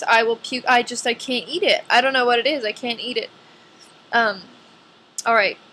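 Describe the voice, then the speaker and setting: A woman's voice: fairly high pitch, bright, forceful tone, slight background noise. A nineteen-year-old woman talking casually to camera in a vlog, chatty and filling her sentences with "like". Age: young adult. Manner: chatty, says "like" a lot. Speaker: vlogger.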